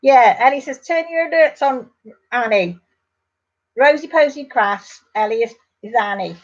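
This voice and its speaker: A woman's voice: a little high, animated, unhurried, dull audio. Chatty English woman on a home stream. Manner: chatty, rambling, affectionate asides to viewers. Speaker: live-stream host. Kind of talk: casual chat reading viewer comments.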